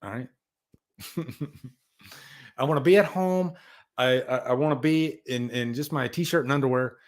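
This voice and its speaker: A man hosting a casual livestream, rambling and animated as he tells stories and reads out chat. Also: mid-range voice, unhurried. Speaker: livestream host.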